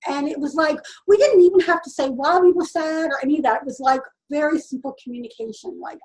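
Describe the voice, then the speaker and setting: High-voiced woman telling a personal story. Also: a little mellow, rough recording. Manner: earnest, halting, full of restarts. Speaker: vlogger.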